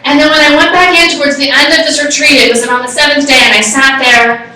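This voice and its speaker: Excitable woman giving a talk in an echoey room. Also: high-pitched, fast. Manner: excitable, animated storyteller. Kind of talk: live talk with personal story. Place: room with a live audience. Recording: echoey room, far from the mic.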